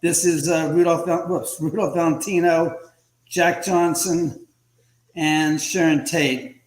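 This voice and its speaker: A man on a home video call, telling a ghost story in a casual, animated way and acting out the lines of the people in it. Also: on the high side, takes it slowly, echoey room, rough recording. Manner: storytelling, animated, acts out quotes. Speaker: guest, house owner and author. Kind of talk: casual livestream chat.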